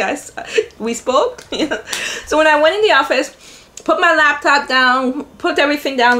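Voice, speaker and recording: An older woman with a lilt chats to her viewers, retelling a story with frequent laughter and quoted dialogue. Her voice sits a little high for a woman. She talks in a relaxed, animated vlog style. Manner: animated, laughing often, quoting others. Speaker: vlogger. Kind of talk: casual storytelling to camera.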